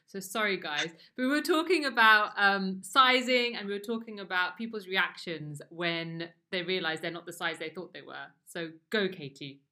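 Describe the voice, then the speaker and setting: A woman hosting a casual podcast interview, chatty, with frequent restarts and sudden high exclamations. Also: moderate pace, few pauses, pushed and bright. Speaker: podcast host.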